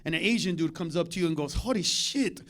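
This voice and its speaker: A male stand-up comic works a club stage through a handheld mic. He rants profanely in loud bursts. His voice sits high for a man. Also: fairly even intonation, very fast. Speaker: stand-up comedian. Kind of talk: stand-up comedy set.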